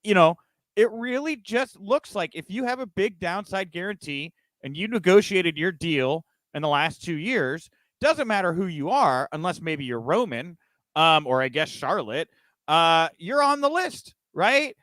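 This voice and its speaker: A man's voice: sits high, big pitch swings, measured pace, fairly bright tone, no room sound. A man co-hosting a casual wrestling news podcast, ranting emphatically with lots of restarts. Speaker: podcast co-host.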